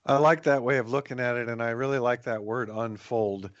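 A man co-hosting a reflective spiritual talk about recovery, speaking in a thoughtful, measured way with some restarts. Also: mid-range voice, steady tone, dry recording, muffled recording. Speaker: podcast co-host in recovery.

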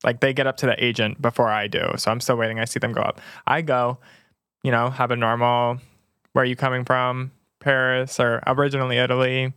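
A young man with a mid-range voice, co-hosting a casual chat. He talks in a relaxed, agreeable way, full of "like" and "you know". The recording is close and dry. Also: medium pitch, a little fast, clear, resonant tone, no room sound. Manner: relaxed, agreeable, filler-heavy. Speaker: podcast co-host.

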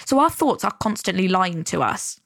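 A woman's voice: fairly low pitch, sing-song, moderate pace, gravelly, fairly bright tone, dry recording, studio quality. A young woman hosting a self-help podcast, chatty and casual, swearing freely and acting out her inner voices. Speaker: podcast host.

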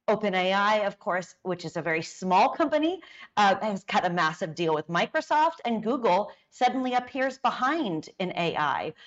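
Woman interviewer, measured questions. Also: medium pitch. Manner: measured, sets up questions with background context. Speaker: interviewer, technology editor. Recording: dull, slightly lo-fi sound.

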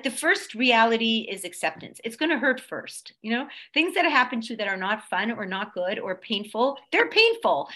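A woman teaching a conversational religious class. Her voice swings between loud emphasis and soft, low tones, and she keeps checking in with her listeners.

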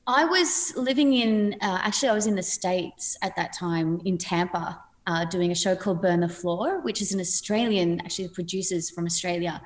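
A woman's voice: on the low side, moderate pace, hardly any pauses. A woman in her forties, a podcast guest, telling stories in a chatty way, laughing and acting out voices. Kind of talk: casual interview storytelling.

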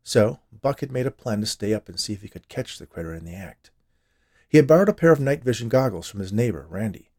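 Brief: male podcast storyteller, lower voice, expressive scripted narration.

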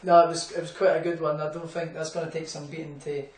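A man's voice: a little high, level tone, fast, a little mellow, distant mic. A young Scottish man, a boxer, telling rambling anecdotes in a casual interview, full of fillers and laughs. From Scotland. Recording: echoey room, off-mic, faint hum.

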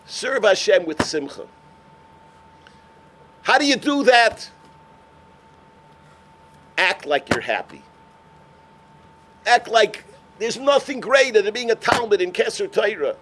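Animated older man giving a sermon. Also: extremely high pitch. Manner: animated, swings from shouting to hushed. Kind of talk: sermon storytelling.

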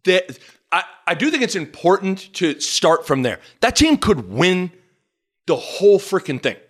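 A man co-hosting a podcast, excitable, chatting casually about sports. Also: high-pitched, measured pace. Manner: excitable, laughs often, mimics radio calls. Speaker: podcast co-host.

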